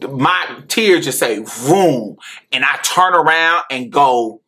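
A woman podcast host telling a personal story, animated and profane, laughing often as she talks. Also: low-pitched, a little slow.

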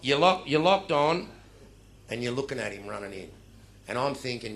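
A middle-aged Australian man telling comic stories to a live audience, acting out other people's lines in loud bursts. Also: medium pitch, normal speed, long pauses, slight background noise. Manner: animated, acts out dialogue in loud bursts. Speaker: after-dinner speaker.

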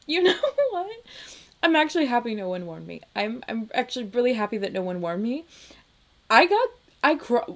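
A woman's voice: sits high, fairly bright tone. A young woman reacting to music from a small room at home, emotional and gushing, laughing between words. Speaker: reaction video host.

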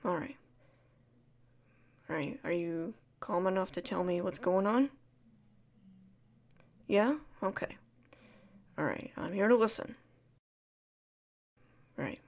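A woman in a whispered role-play as a caring friend, talking softly and soothingly, repeating comforting words and shushing gently. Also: fairly low pitch, takes it slowly, vocal fry, long pauses. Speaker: ASMR creator playing a caring friend.

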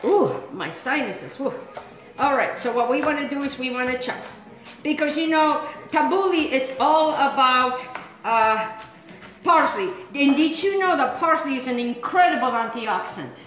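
Bright, chatty woman cooking at home. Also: sits high, moderate pace, echoey room, soft background music, poor audio. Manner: chatty, rambling, enthusiastic. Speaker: cooking show host. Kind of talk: casual cooking demonstration. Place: home kitchen.

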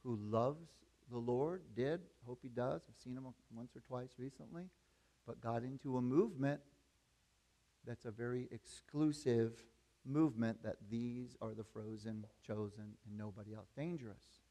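A male pastor preaching in a relaxed storytelling tone. He speaks at a middle pitch, and his voice rises into emphatic preaching. His delivery is plain and direct. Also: moderate pace. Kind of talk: sermon.

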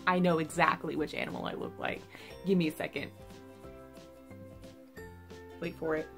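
A woman's voice: low-pitched, very animated, fast, vocal fry, faint music behind. A young woman YouTuber chatting casually to camera, bubbly and self-mocking.

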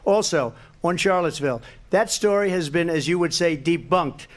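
A man's voice: fairly high pitch, normal speed. A man answering at a presidential debate, emphatic, repetitive and rambling.

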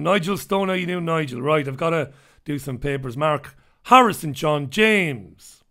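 A middle-aged man hosting a live radio show, his voice sitting a bit high for a man. He chats bluntly through listener comments, jumping between loud outbursts and low mutters. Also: moderate pace. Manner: chatty, blunt and animated, swings between loud asides and muttered remarks. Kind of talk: casual live radio chat.

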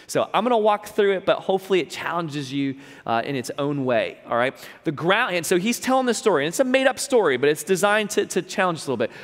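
A man's voice: high-pitched, very animated, fast, few pauses, big-room sound. A man preaching a sermon in an earnest, emphatic way, repeating key lines and adding playful asides. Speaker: pastor.

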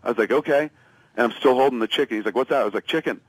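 A man's voice: medium pitch, rapid-fire, no echo, rough recording. A man from the US East Coast, a phone-in guest telling a rambling, profane comic story and acting out the lines of the people in it. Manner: rambling, profane, acts out quotes.

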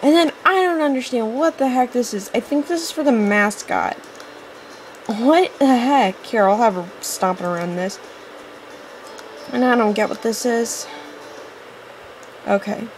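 A woman's voice: fairly high pitch, a little slow, long pauses, a little hiss or hum. Chatty woman rambling through gameplay. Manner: chatty, rambling, easily impatient with the game; apologetic asides. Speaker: let's-play host. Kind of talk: casual gameplay commentary.

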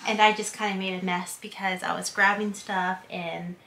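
Chatty young woman with a bright voice. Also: medium pitch, level tone, moderate pace, vocal fry, a little hiss or hum. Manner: chatty, rambling, many fillers; whispers at times while baby naps. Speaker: vlogger. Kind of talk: casual vlog chat.

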